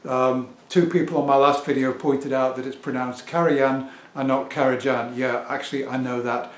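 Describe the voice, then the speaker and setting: Middle-aged English man, record vlogger, chatty and self-assured, mid-pitched voice, echoey home room. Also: level tone, moderate pace. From England. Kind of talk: casual talk to camera. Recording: echoey room with faint ambient noise.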